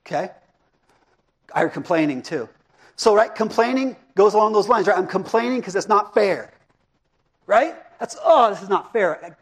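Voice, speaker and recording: A middle-aged man preaching a sermon as a pastor, talking casually and asking his congregation questions. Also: sits high. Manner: conversational, asks the congregation questions. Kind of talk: interactive sermon.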